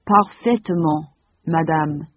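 A reader voicing a wise, courteous magical golden bird that speaks calmly and politely in a storybook. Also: medium pitch, slow, dry recording. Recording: dull lo-fi audiobook recording.

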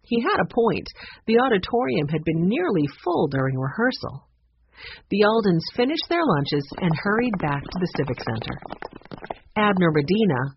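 A woman narrating a children's chapter book with expressive, clear storytelling. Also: fairly low pitch, slight background noise. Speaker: audiobook narrator. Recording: dull lo-fi recording.

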